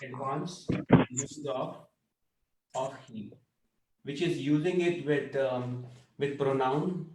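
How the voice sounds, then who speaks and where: A man's voice: mid-range voice, slow pace, darkish tone, reverberant, a little hiss or hum, rough recording. A man teaching a language class, explaining patiently and checking in with students often. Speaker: Hindi teacher.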